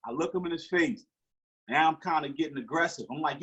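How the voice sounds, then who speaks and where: Husky-voiced man telling a story. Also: a little high, fairly quick, low-quality recording. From Newark, New Jersey. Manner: animated storyteller acting out quoted dialogue. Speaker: guest. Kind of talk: storytelling in an interview.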